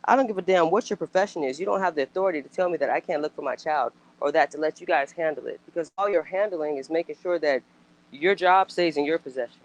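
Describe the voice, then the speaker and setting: Poor audio carries a fast-talking woman with a low voice who commentates in a casual reaction chat. Emphatic and frequently profane, she speaks bluntly, with animated outbursts and a stream of rhetorical questions.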